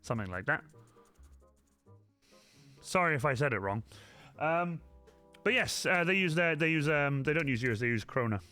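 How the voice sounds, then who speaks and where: Bright chatty streamer man. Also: fairly high pitch, expressive, moderate pace, pauses often, soft background music. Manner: chatty, apologetic, talks straight to chat. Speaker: livestream host. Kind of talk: casual livestream chat while crafting.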